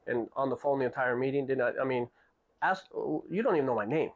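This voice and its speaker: A man's voice: mid-range voice, fast talker, creaky. A man casually telling a long story, acting out the people in it and often restarting his sentences. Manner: animated, acts out quoted people with raised voice; restarts and repeats words often. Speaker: podcast host.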